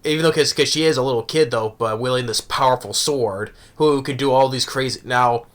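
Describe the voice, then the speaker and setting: A man's voice: medium pitch, fairly quick, a bit bright. A man giving a casual, rambling review of an anime episode, often tagging on "right?".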